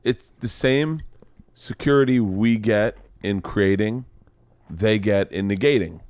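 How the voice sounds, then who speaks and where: A man's voice: on the low side, slow, a little mellow, dry recording. A man hosting a podcast in a casual chat, joking and laughing with his guest. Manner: jokey, laughs a lot, swears casually. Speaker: podcast host.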